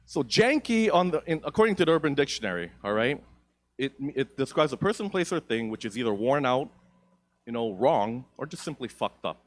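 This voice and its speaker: Profane, rambling young stand-up comic. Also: male voice, mid-range voice, very animated, a little fast. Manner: profane, rambling, self-mocking. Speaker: stand-up comedian. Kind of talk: stand-up comedy. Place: theatre stage.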